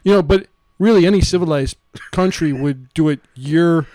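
A man's voice: a little high, normal speed, mellow, no echo. A man co-hosting a casual comedic chat, joking around and tacking "eh?" onto his sentences.

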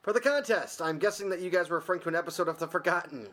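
A man's voice: high voice, rapid-fire, a bit bright. A man co-hosting a casual podcast, reading listener emails aloud and joking as he goes. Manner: jokey, laughs often, reads emails aloud. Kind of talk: casual chat.

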